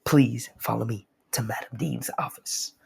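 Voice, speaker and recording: A man's voice: mid-range voice, a little slow, gravelly, husky, full character voice. A man voicing a polite robot drone guide in a comic recap. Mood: formal.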